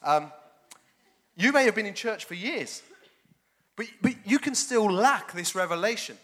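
A man preaching a sermon as pastor, animated and jokey. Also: high-pitched, a little slow. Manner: animated, jokey, laughs often.

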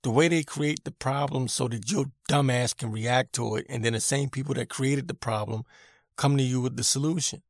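A man's voice: mid-range voice, moderate pace, no echo. Irritated man ranting in a dry room. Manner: irritated, emphatic, repeats himself. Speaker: podcast host. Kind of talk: opinion rant monologue.

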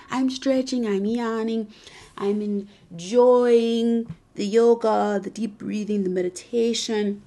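A woman's voice: fairly high pitch, expressive, moderate pace. A woman hosting a casual motivational vlog and podcast, chatty and encouraging, laughing often as she shares tips with viewers. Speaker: wellness vlogger and podcast host.

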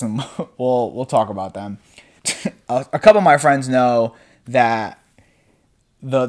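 A young man hosting a casual solo podcast from his apartment, rambling in a loose, laid-back way, swearing freely and laughing often. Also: mid-range voice. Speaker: podcast host. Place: apartment room at home.

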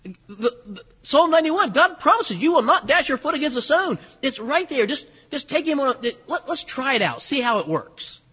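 A man preaching a sermon in an animated way, asking rhetorical questions and acting out the lines he quotes. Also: very high voice, normal speed. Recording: long hall reverb.

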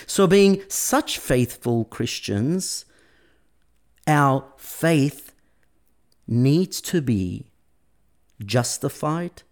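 Slow, lively-voiced male preacher. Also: medium pitch. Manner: emphatic, varying pace and stress. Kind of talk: sermon.

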